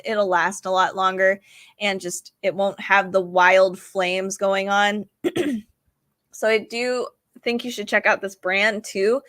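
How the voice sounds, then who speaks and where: A young woman casually showing and reviewing a book and a candle, chatty and enthusiastic, a little hoarse from losing her voice. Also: on the high side, bright, forceful tone. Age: young adult. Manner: chatty, enthusiastic, says "like" and "um" a lot. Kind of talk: casual show-and-tell review.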